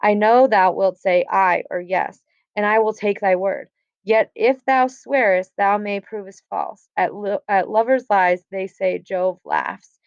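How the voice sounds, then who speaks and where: A woman's voice: medium pitch, measured pace, smooth, no room sound, lightly acted. A woman reading the lines of a young, forward, worried noblewoman in old verse, slightly lifted and earnest. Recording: dry, slightly dull recording.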